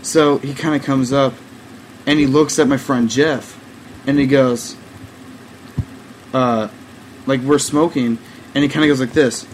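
A man's voice: mid-range voice, steady tone, a little slow, pauses often, noisy background. A young man hosting a podcast, telling a rambling, profane story in casual chat with lots of "like" and frequent laughter. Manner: rambling, heavy use of "like", profane, laughing often. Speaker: podcast host.

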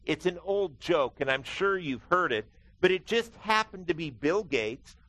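A middle-aged man preaching a sermon as pastor, telling stories and acting out quotes with lively swings in his voice. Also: a little slow, poor audio. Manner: animated storytelling preacher, acting out quotes with big pitch swings.

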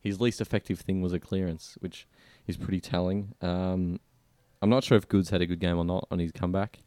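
A man's voice: low voice, level tone, a little fast, mellow, smooth, no echo. A young Australian man co-hosting sports radio, laid-back and a bit hesitant. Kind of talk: casual sports chat.

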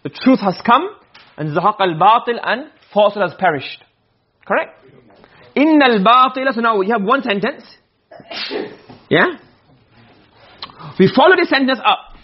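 A man's voice: high-pitched, lively intonation, moderate pace, pauses often, breathy edge. A man teaching a class on Arabic rhetoric, reading Arabic phrases and explaining them in English while often checking that the students understand. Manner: keeps checking with the class, asking "okay?" and "you understand?"; switches between Arabic text and English explanation. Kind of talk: classroom lecture. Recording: dull lo-fi classroom recording.

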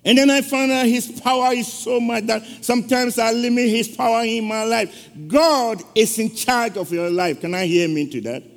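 A man with a high voice and a rough, gravelly edge preaches a sermon. He tells an emotional story and throws questions out to the congregation. His voice rings out with a long reverb in a big church sanctuary. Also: moderate pace, hardly any pauses. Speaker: guest preacher.

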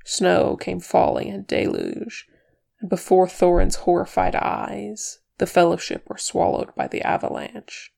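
Slow, gravelly woman reading a story. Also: lowish voice. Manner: measured, expressive storytelling. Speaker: audiobook reader. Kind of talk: fan fiction audiobook narration.

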